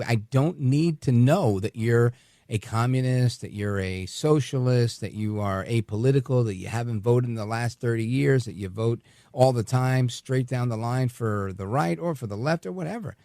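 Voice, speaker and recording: A man's voice: medium pitch, dark tone, no echo, studio quality. A man hosting a talk radio show, telling a story in a casual monologue. He often stumbles and repeats words as he starts sentences.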